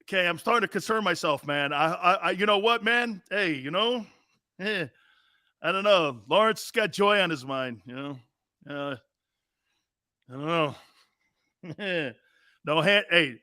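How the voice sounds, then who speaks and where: A man's voice: high voice, animated, normal speed, long pauses, sharp tone, dry recording, studio quality. A man hosting a sports talk show, joking and rambling and laughing often.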